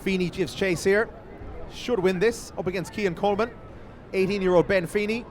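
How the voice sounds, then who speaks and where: A man giving brisk play-by-play commentary at an outdoor football match. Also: sits high. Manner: brisk calling of player names. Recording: outdoor stadium ambience, faint noise.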